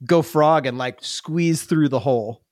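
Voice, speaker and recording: A man narrating and running a tabletop game as game master, animated and often laughing. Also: a little high, measured pace, no room sound, clean studio sound. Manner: animated, laughing, acts out little voices.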